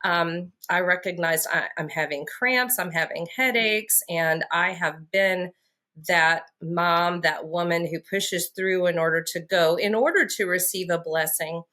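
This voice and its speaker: A woman co-hosting a faith podcast, speaking in a calm, reflective and gently reassuring way. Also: lowish voice, unhurried. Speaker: podcast co-host. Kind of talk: casual faith podcast conversation.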